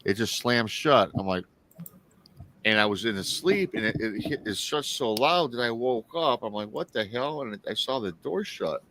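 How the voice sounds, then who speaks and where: A man's voice: lowish voice, expressive, moderate pace, fairly bright tone. A man in his forties hosting a live talk show, telling a story casually, with many restarts and asides to his listeners. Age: 40s. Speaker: show host.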